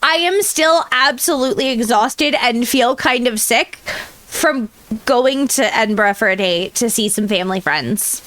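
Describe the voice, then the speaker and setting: An American VTuber streamer chats casually on a livestream from home, rambling, laughing often, and answering chat. Her voice is a little high and fairly bright, at a measured pace, in a dry recording.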